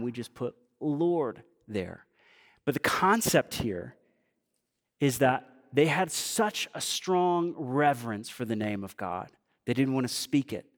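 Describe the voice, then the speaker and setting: A male pastor delivers a sermon in a relaxed, conversational manner, pushing up in pitch and volume on his key points. His voice is mid-pitched and carries a long reverb from a church hall. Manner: conversational preaching with rising emphasis and asides.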